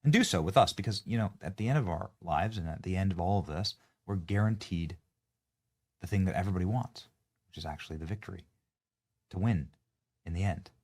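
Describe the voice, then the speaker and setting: A man in his thirties hosting a political talk show, reading ads and closing remarks in an emphatic, energetic way. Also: deep voice, a little fast. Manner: energetic, emphatic, salesy ad reads. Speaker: show host.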